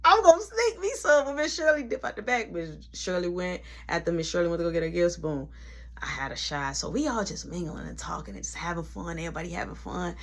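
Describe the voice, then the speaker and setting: A man telling a casual storytime story, animated and conversational, with frequent asides. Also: sits high, fast, gravelly.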